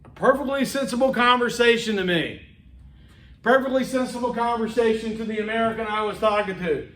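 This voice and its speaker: High-voiced male lecturer in an echoey room. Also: fairly quick, a bit bright. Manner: conversational, acts out dialogue, frequent okays. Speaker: college instructor. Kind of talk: classroom lecture. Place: classroom. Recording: echoey room, mic far off.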